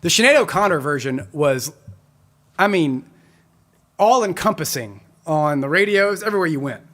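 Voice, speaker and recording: A man's voice: a little high, animated, normal speed, fairly bright tone. A man in his forties, a musician hosting a live stream, chatting casually and rambling as he reads out viewer comments. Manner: chatty, rambling, self-correcting.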